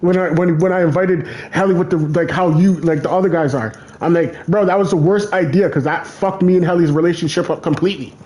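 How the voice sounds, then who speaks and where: A man's voice: a little high, quick pace, hardly any pauses, darkish tone. A man streaming casually, rambling through stories with lots of swearing and repeated phrases. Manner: rambling storytelling, heavy swearing, repeats himself. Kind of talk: casual chat over a game.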